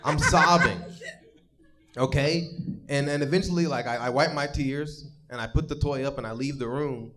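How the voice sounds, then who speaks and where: A man's voice: mid-range voice, moderate pace, background noise. A young man doing a live stand-up set on a comedy stage, telling rambling, profane stories with lots of stammered restarts. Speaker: stand-up comic.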